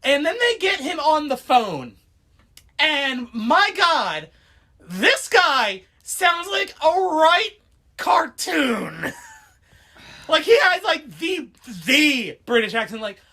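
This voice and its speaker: A woman's voice: sits high, takes it slowly. A woman co-hosting a casual podcast, telling a story with lots of laughs and quotes. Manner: animated, laughing storyteller, quotes people in put-on voices. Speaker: podcast co-host. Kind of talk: casual chat.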